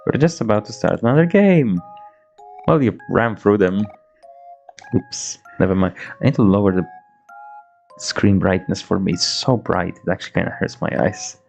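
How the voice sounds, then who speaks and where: A man's voice: sits low, normal speed, gravelly, darkish tone, faint music behind. A man in his twenties streaming a game, chatting loosely with restarts and laughs, reading the on-screen dialogue in his own voice. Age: 20s. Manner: rambling, stammering restarts, swears, laughs often. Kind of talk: casual gameplay commentary, reading dialogue aloud. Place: home room, playing on a laptop.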